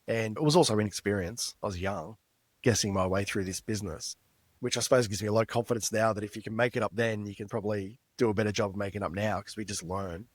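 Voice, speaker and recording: Earnest man, low dry voice. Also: steady tone, quick pace, no echo. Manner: earnest, reflective anecdotal telling. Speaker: guest author. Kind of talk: storytelling interview.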